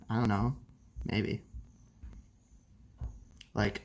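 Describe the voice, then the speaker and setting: A man's voice: mid-range voice, fairly even intonation, moderate pace, gravelly, a little hiss or hum. A young man hosting a casual late-night livestream, loose and profane, coughing and laughing often. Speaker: livestream host.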